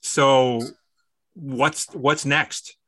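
A man's voice: medium pitch, steady tone, extremely slow, sharp tone. A man hosting a sports interview, asking questions in a friendly, affirming way. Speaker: interview host.

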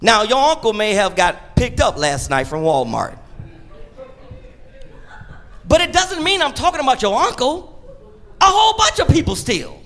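A man preaching a sermon in church, in a call-and-response style that swings between shouts and quiet asides. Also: very high-pitched, big pitch swings, normal speed, faint music behind. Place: church sanctuary.

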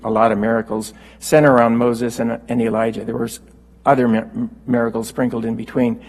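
A man preaching a sermon, unhurried and halting with fillers, rising when he quotes scripture. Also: medium pitch, darkish tone, slightly rough, in a large hall, rough recording.

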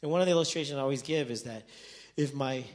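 A man preaches a sermon in a voice of ordinary middle pitch, neither high nor deep. He tells his stories with energy and acts out the conversations he describes. His loudness swings from loud bursts to quiet, soft stretches. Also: fast. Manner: animated storytelling, acting out quoted dialogue with big swings in loudness. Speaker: pastor.

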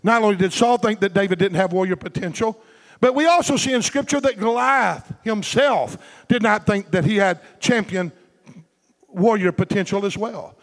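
A man's voice: high-pitched, normal speed, big-room sound. A man preaching a fervent, rhythmic sermon, calling out to his congregation for replies. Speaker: pastor.

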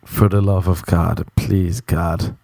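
This solo podcast host, a young man in Los Angeles, swears his way through rambling stories and performs other people's voices. He talks slowly in a low, dark, creaky voice with little pitch movement, recorded without room sound.

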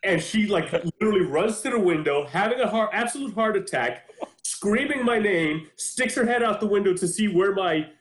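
A man in his forties from New York, telling a childhood story in casual chat with an animated, shifting pace. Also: high voice, normal speed, roomy sound. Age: 40s.

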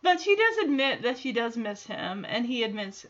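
A woman's voice: a little high, sing-song, moderate pace, dull audio. A woman hosting a podcast, recapping a sitcom episode in a chatty way, laughing often and acting out the characters' lines. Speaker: podcast host.

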